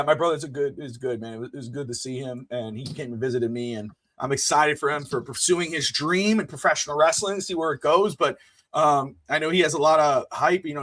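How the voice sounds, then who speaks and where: A man co-hosting a podcast, chatting with an excitable, animated delivery. His voice sits high and sounds bright and sharp. The recording is dry and close. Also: dry recording. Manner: excitable, animated, with playful bursts. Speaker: podcast co-host. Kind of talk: casual wrestling podcast chat.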